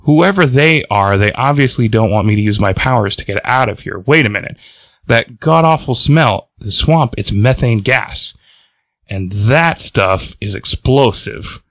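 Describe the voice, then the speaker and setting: A man's voice: medium pitch, animated, measured pace, vocal fry, a bit bright, no room sound. A man voicing a reckless young woman with explosive powers, cocky and impatient. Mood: scheming.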